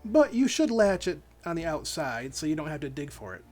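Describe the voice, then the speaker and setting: A man's voice: on the high side, big pitch swings, a little fast, a little mellow, faint music behind. A man voicing a cruel, playful female villain in a storybook reading, with a mocking, teasing delivery. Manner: mocking, teasing sing-song lines.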